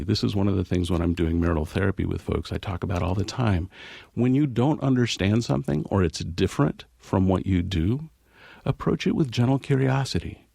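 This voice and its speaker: A man's voice: on the low side, creaky, darkish tone, breathy edge, no echo, studio quality. A man, a marital therapist, speaking as a radio guest, telling stories earnestly. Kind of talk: radio interview, storytelling.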